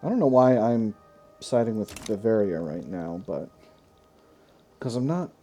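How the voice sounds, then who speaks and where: A man's voice: on the low side, sing-song, measured pace, dark tone, faint music behind. A man hosting a strategy game let's play, talking casually and thinking aloud with asides and self-corrections. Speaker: gaming video host.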